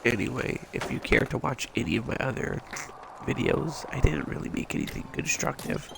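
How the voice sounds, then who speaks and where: Gravelly stuffed-up man ranting on stream. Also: mid-range voice, very animated, normal speed, noisy background. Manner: rambling, frustrated, swears freely. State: stuffed up, just woke up. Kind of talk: casual gaming stream rant. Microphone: headset.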